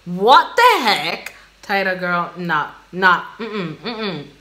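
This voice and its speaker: Woman, reaction host, casual and gushing; bright, forceful tone. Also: on the low side, slow. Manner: gushing, excitable, exclaiming and laughing.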